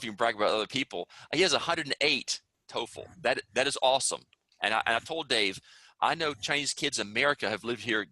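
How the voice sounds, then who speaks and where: An upbeat man with a Southern US accent, talking through an online English lesson in a rambling, friendly way. His voice is bright and close, with a dry sound and no room around it. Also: mid-range voice, dry recording, rough recording. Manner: upbeat, chatty, rambling asides. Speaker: English teacher. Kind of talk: online class chat.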